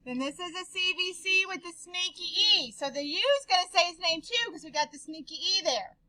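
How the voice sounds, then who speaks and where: A woman teacher leading a slow, deliberate phonics drill with her class, giving short sounding-out prompts. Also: very high-pitched, expressive, bright, forceful tone, rough recording.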